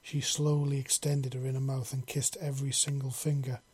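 Husky, flat-voiced male narrator. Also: mid-range voice, moderate pace. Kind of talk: scripted narration of a story.

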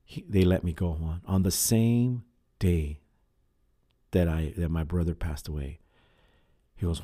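Deep, mellow-voiced man hosting a podcast. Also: fairly even intonation. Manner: earnest, halting, with many fillers and restarts. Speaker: podcast host. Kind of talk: casual solo podcast talk.

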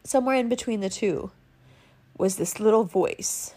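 A woman's voice: medium pitch, normal speed, husky. A woman telling a travel story in a casual monologue, swearing freely and acting out the lines of the people she met. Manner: animated, swearing, acts out quoted lines.

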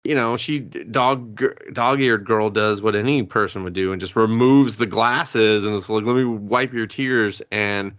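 Man, podcast co-host, casual recap, lots of swearing, acts out lines, somewhat low voice. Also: unhurried, few pauses, no room sound, highs cut off. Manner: profane, animated storytelling, acts out characters' lines. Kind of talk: casual anime recap chat.

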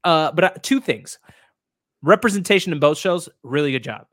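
A young man from Indiana chatting casually on a podcast, animated and joking with lots of fillers. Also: a little high, moderate pace, no echo, clean studio sound. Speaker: podcast co-host. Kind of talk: casual chat.

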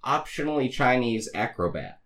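A man's voice: mid-range voice, sing-song, normal speed, a bit bright. Man, casual podcast host, rambling, laughs a lot. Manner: rambling, laughs often, restarts. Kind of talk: casual chat.

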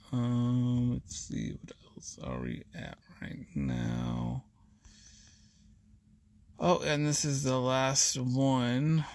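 In a gravelly, mid-range voice, a weary podcast host wanders through a personal monologue, sighing and letting thoughts trail off. Sometimes his words blur together. Slight background noise can be heard.

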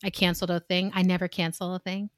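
A woman's voice: lowish voice, little pitch movement, quick pace, dry recording, studio quality. A woman co-hosting a casual chat, candid and emotional, often laughing and acting out quoted exchanges.

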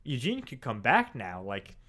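A man co-hosting a podcast in casual chat, relaxed, recapping with quick asides. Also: mid-range voice. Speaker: podcast co-host.

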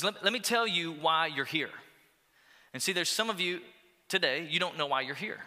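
A man preaching a sermon as pastor, energetic and urging, with call-and-response asides to the congregation. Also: a little high, long reverb tail. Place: church auditorium.

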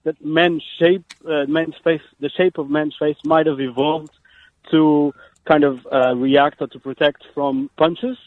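A man's voice: a little high, fairly even intonation, unhurried, no echo. A man from Portugal calling in to a radio show, speaking hesitantly and searching for words. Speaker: caller. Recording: tinny phone line.

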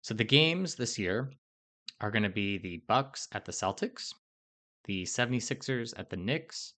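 A man with a very deep voice hosting a sports podcast. He speaks in a measured way and moves between topics with short "um" fillers. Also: lively intonation, sharp tone. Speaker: podcast host.

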